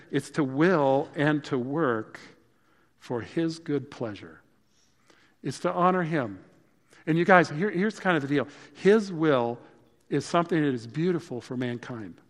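A man preaching a sermon as pastor, talking in a conversational way and breaking into emphatic, louder bursts. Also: mid-range voice, in a large hall.

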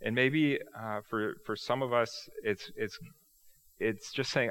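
A man preaching a sermon in a relaxed, conversational way, asking rhetorical questions and joking at his own expense. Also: medium pitch, slow pace, clean tone. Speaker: pastor.

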